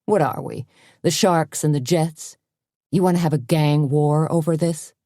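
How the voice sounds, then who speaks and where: A woman voicing a young, cocky male newspaper reporter in an audiobook, brisk and mocking. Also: fairly high pitch, dark tone, dry recording, studio quality. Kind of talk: audiobook character voice.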